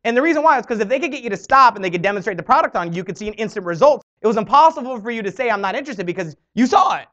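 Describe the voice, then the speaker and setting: Lively high-voiced motivational speaker, man. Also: very fast, few pauses. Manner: animated, acts out quoted voices. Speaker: network marketing speaker. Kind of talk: motivational talk to an audience. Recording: dull lo-fi recording.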